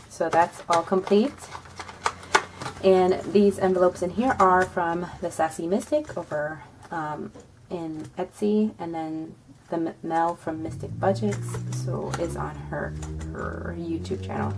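Low-voiced woman counting cash, street noise. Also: a little slow, vocal fry. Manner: counts bills softly under her breath, bursts into squealing excitement. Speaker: budgeting vlogger. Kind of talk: casual cash-stuffing vlog, counting money aloud. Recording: home recording with street noise behind. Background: passing bikes and street noise.

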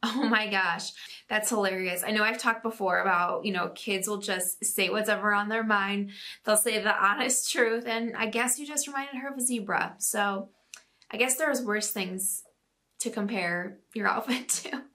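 A woman in her thirties hosts a podcast, reading out listener stories and chatting casually. Her voice is medium-pitched, steady and sharp at a normal speed, and she is giggly and chatty, laughing often.

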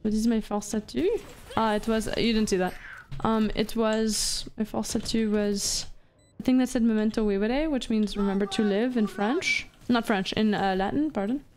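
A woman's voice: a little high, fairly even intonation, moderate pace, darkish tone, slight background noise. A woman from Canada, chatting casually on a live stream while gaming, playful, swearing, laughing and reading chat aloud. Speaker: VTuber streamer.

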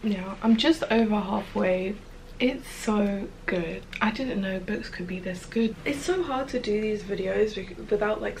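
A young woman chatting casually in a home vlog about a book she loves, gushing and excited, and sometimes dropping to a soft whisper. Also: mid-range voice, vocal fry, slight background noise, low-quality recording. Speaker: book vlogger.

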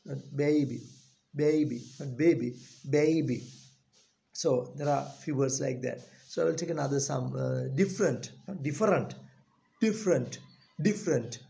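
A man with a Sri Lankan English accent teaching a pronunciation lesson, repeating each word slowly and deliberately. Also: medium pitch, creaky, dark tone.

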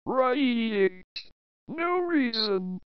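A teasing, cocky young hedgehog hero from a fan-made cartoon, voiced by a woman. The voice sits very high and jumps around lively. The recording is dull and lo-fi. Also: normal speed, no room sound. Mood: suspicious. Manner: teasing, laughs at friends.

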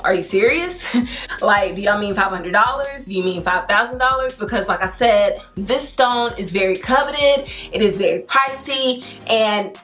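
A young adult woman hosting a home decor vlog, telling a story to camera in an excited, chatty, slangy way. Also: mid-range voice, normal speed, soft background music. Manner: excited, chatty and slangy, addresses viewers as y'all.

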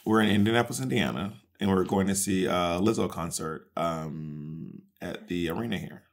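A man's voice: low voice, normal speed, creaky. A man co-hosting a podcast in casual chat, insistent and repeating his points as he argues. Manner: insistent, repeats himself while arguing. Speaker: podcast co-host.

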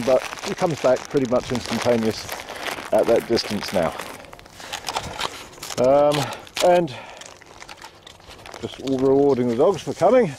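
A man talking calmly while walking his dogs outdoors and explaining how he trains them. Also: mid-range voice, a little hiss or hum, poor audio. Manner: calm, repetitive, calls out to the dog. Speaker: dog trainer. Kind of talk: casual walking commentary. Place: outdoors in fields.

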